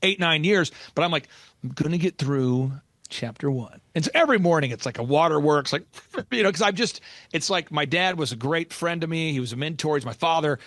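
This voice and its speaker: A man's voice: on the high side, lively intonation, fast talker, fairly bright tone, dry recording. A man talking as a business coach on a podcast, emphatic and urgent, repeating key lines for stress. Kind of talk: motivational podcast talk.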